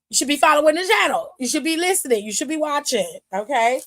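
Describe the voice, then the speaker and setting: A woman's voice: sits high, very animated, fairly quick, a bit bright. A woman hosting a wrestling aftershow, talking casually, bluntly and with plenty of swearing. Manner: blunt, profane, opinionated. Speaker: wrestling show host.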